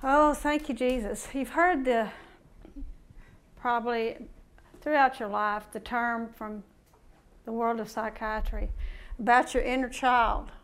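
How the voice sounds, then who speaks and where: A woman giving an informal recorded sermon, impassioned and building from quiet reflection to fervent exhortation. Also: fairly high pitch, fairly even intonation, takes it slowly, long pauses, clear, resonant tone. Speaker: preacher.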